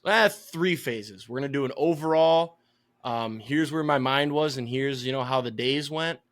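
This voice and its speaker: On a sports podcast he co-hosts, a young Michigan-accented man chats casually and tells long, meandering stories. Swearing comes easily to him, and when he gets worked up while venting he turns louder and higher-pitched.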